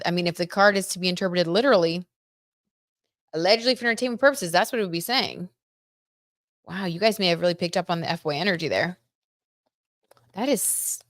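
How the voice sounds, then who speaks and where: Giggly low-voiced woman tarot host. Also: no room sound, clean studio sound. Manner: chatty and giggly, talks to her viewers. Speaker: tarot reader and livestream host. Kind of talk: casual gossip livestream, tarot reading.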